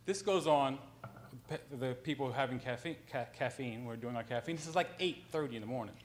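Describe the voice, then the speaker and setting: A man's voice: medium pitch, fairly quick, a little hiss or hum. A man on a panel, a writer, telling an anecdote in a conversational way, with frequent ums and self-corrections.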